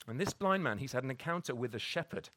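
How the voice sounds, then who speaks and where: A man's voice: mid-range voice, expressive, fast, a bit bright, no echo, clean studio sound. A man preaching a conversational sermon, full of restarts and tag questions like "isn't it?". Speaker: pastor.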